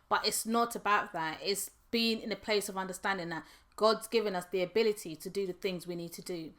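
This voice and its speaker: A woman's voice: medium pitch, pushed and bright. A woman author reflecting on her own book in a candid, earnest personal monologue, loosely conversational and framed by her faith. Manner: conversational, with frequent restarts and "like".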